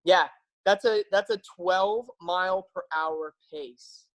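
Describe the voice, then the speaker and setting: A man's voice: sits high, slow pace, fairly bright tone, poor audio. A man speaking casually and eagerly to his viewers as a health practitioner, upbeat and persuasive, with frequent fillers. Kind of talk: casual enthusiastic talk to camera.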